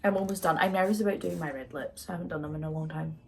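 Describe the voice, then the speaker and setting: A young woman vlogger talks in a low, gravelly, rapid-fire voice while doing her makeup indoors at home. It's a casual get-ready-with-me chat, open and rambling, packed with fillers.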